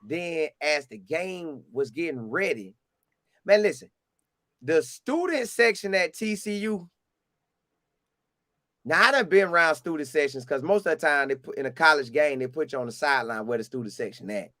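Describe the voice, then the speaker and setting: A man's voice: moderate pace, dry recording, clean studio sound. A man from Florida with a Southern accent, animatedly telling a casual story and acting out what people said. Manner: animated, acts out quotes in a higher voice. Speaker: storyteller recounting a game visit.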